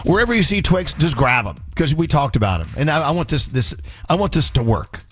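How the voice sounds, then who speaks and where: A man's voice: fairly high pitch, very animated, brisk, slightly rough. A man who hosts a radio show, joking his way through a live sponsor read. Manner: playful, joking. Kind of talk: casual chat and live ad read.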